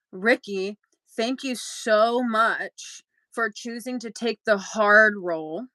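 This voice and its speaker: A young adult woman, a podcast co-host, telling a story in casual chat and acting out quotes with big jumps in pitch. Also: sharp tone, no room sound, rough recording.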